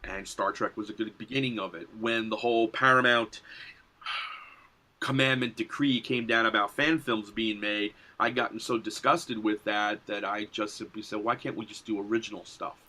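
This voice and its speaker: A man's voice: fairly low pitch, moderate pace. A middle-aged man talking eagerly and animatedly as a guest in a casual interview about his film and design work. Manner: enthusiastic and animated, laughs easily. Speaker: guest, filmmaker and graphic designer.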